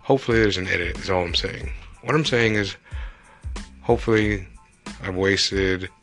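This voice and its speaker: A man's voice: sits low, moderate pace, soft background music. A young man, rambling and joking through a casual solo podcast. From Texas. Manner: rambling, joking, animated asides. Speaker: podcast host.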